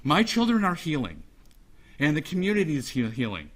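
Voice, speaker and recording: Dad reading his victim statement in court, slightly high voice, shaky and halting, keeps repeating himself. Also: big pitch swings, a bit bright. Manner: emotional, halting, repeats phrases. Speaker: father giving a victim impact statement.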